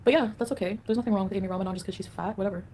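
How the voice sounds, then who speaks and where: A woman chats loosely through a livestream, reading out viewer comments and replying on the fly. Her pitch is about average, and a faint ambient hum sits under her voice. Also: steady tone, racing, mellow. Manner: chatty and rambling, answers the chat aloud.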